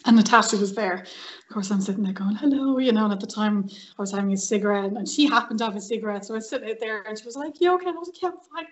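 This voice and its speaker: A woman's voice: mid-range voice, racing, highs cut off. An Irish woman, a guest on a podcast, telling stories in a casual chat and acting out the dialogue. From Ireland. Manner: lively storyteller who acts out quoted dialogue. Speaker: podcast guest, actress and violinist. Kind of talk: casual storytelling interview.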